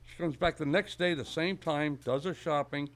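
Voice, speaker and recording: A man's voice: fairly high pitch, fairly even intonation, normal speed. A man telling a joke among friends, setting it up step by step. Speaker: podcast guest.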